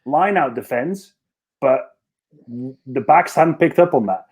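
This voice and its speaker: A man's voice: a little high, lively intonation, takes it slowly, a little mellow, slightly rough, lo-fi sound. A man who played rugby, telling a long story in a casual podcast chat, rambling and self-mocking with lots of restarts. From Scotland. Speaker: podcast guest, former rugby winger.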